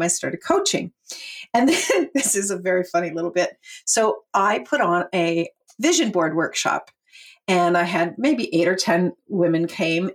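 A middle-aged woman telling her life story as a podcast guest, animated and laughing often as she acts out what she and others said. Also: medium pitch. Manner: animated, laughs often, quotes herself in voices.

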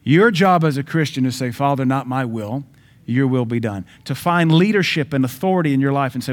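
A man preaching a sermon as pastor, emphatic, swinging between loud declarations and quieter asides. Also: medium pitch, expressive, brisk.

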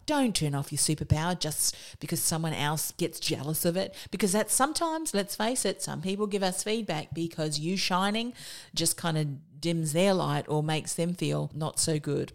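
Fast, emphatic woman podcast coach. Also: on the low side. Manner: speaks quickly and emphatically; energetic, repeats points for emphasis. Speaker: business coach and podcast host. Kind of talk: motivational podcast talk.

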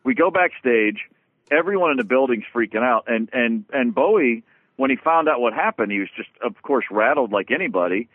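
A man telling a long backstage story in casual conversation, halting with restarts and swearing as he talks. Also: mid-range voice, expressive, dry recording. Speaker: guest musician. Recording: dry tinny phone-like sound.

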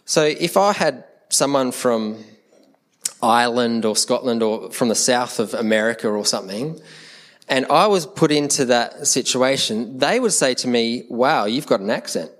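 Animated Australian pastor preaching. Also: male voice, mid-range voice, measured pace. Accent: Australian, Adelaide. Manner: conversational, animated, acts out quoted voices. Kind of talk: sermon.

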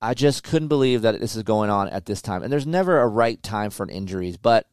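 A man in his forties co-hosting a podcast, telling his story in a casual, animated and impatient way, with many restarts. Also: on the low side, fairly quick, smooth, no room sound, studio quality. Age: 40s. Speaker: podcast co-host. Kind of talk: casual chat.

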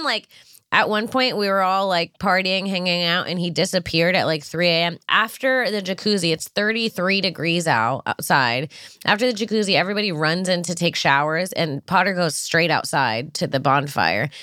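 Lady podcast cohost, kinda low voice, cusses a lot, acts out what people said, dry mic. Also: normal speed, bright, forceful tone, dry recording. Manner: swearing, storytelling, acts out quotes. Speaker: podcast co-host. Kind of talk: casual chat.

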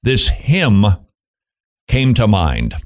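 A man's voice: on the low side, huge pitch swings, drawn-out words. A middle-aged man hosting Christian radio, giving a devotional talk with joking asides to himself.

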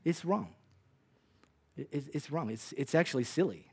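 An Australian-accented male pastor delivering a sermon with a fairly high voice for a man. He talks in a loose, conversational way, punchy and laced with wry self-deprecating jokes. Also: animated, normal speed, darkish tone, husky.

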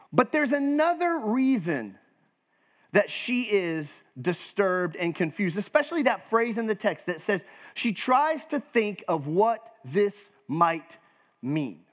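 A male pastor giving a sermon, animated and storytelling, acting out quotes as he goes. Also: high voice, measured pace.

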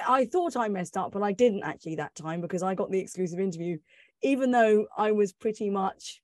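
A woman recounts a personal tale in a bubbly, animated way. She acts out the quotes as she goes, and her voice sits dry and close to the mic. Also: medium pitch, no room sound. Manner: lively storytelling with laughs and acted-out quotes. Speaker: former radio reporter telling a story.

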